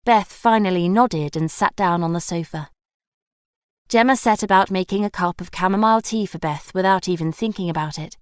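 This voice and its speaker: A woman narrating an audiobook in an even, measured scripted read. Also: lowish voice, clear, resonant tone, no room sound, studio quality.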